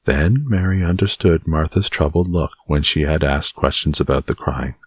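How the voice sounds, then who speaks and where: A man reading a novel aloud as an audiobook narrator, in a calm, measured way. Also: very deep voice, breathy edge, no echo, clean studio sound. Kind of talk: scripted narration.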